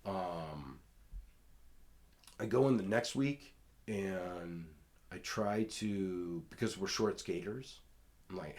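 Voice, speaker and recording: Deep guy ranting through a story, swears a lot, jumps loud when quoting people. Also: slow pace, long pauses. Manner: profane, rambling, acts out quotes loudly. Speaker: podcast host telling stories. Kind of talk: casual storytelling.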